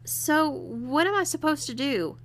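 A woman's voice: sits high, lively intonation, unhurried, voice pushed up. A woman reading as a flustered pleading young man. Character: anxious humiliated young man being ordered around.

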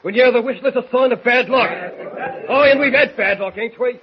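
An actor playing a rough sailor leading a mutiny, with gruff, bullying commands in a 1940s radio drama, on a noisy lo-fi old transcription. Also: male voice, extremely high pitch, a little fast. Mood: scheming. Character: menacing Cockney mutineer ringleader, rough sailor.

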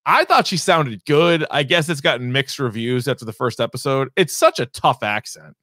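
A man's voice: mid-range voice, expressive, normal speed, bright, forceful tone, no room sound, studio quality. A man co-hosting a podcast, rambling through entertainment news in casual chat and swearing now and then. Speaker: podcast co-host.

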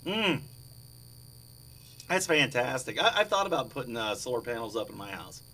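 A man's voice: mid-range voice, very animated, moderate pace, bright, forceful tone. A man hosting a casual chat, swearing freely through loose, laughing banter. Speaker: podcast host. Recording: distant mic with faint room noise.

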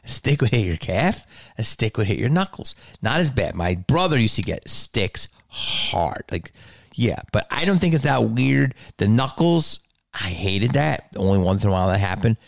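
A man's voice: fairly low pitch, sing-song, normal speed, vocal fry, no echo, studio quality. A man doing a profane, emphatic stand-up rant about his schooling and distrust. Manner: profane, emphatic, rising to shouted rants.

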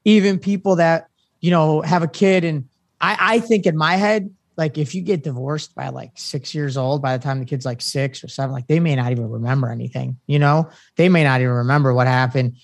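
A man talking as a podcast guest in a halting, rambling way, full of fillers and restarts. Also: on the high side, no echo. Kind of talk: casual chat.

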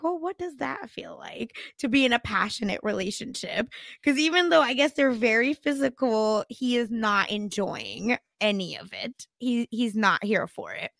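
A woman's voice: fairly high pitch, gravelly, fairly bright tone, dry recording. A young woman co-hosting a podcast, recapping a TV episode in casual chat with dramatic asides. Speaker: podcast co-host.

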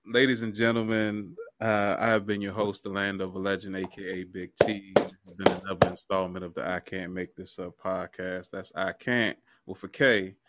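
A man hosting a podcast, wrapping up the episode in a relaxed, laid-back way. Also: low voice. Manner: relaxed, laid-back, chuckles between phrases. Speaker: podcast host. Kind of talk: casual podcast outro.

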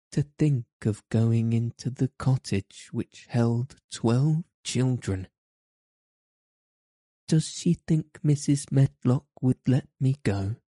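A man reading a classic novel aloud in a measured storytelling manner. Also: mid-range voice, dark tone, no room sound, clean studio sound. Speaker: narrator. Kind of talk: audiobook reading.

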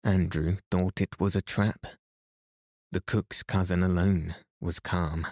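A man reading a classic children's novel aloud as a calm bedtime story host, in an even, unhurried manner. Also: low voice, dry recording, studio quality. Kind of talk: slow soothing bedtime reading.

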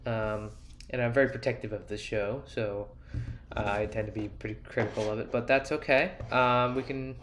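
Rambling, joking man hosting a podcast. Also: mid-range voice. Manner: rambling, self-deprecating, jokey asides. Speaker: podcast host. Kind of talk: casual solo podcast monologue.

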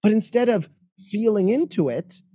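A man with a mellow, warm tone and a swooping, animated delivery, talking as a mental health coach on a podcast. His pitch sits a bit high for a man. He slips into quick acted-out inner voices as he explains, and the recording is dry and close. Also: slightly rough, dry recording. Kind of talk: podcast interview talk.

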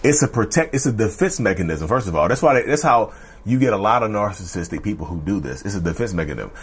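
A man's voice: on the low side, lively intonation, quick pace, breathy edge. A man vlogging in a loose, conversational monologue who often repeats himself and checks in with the listener. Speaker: vlogger discussing narcissism. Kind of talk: casual direct-to-camera monologue.

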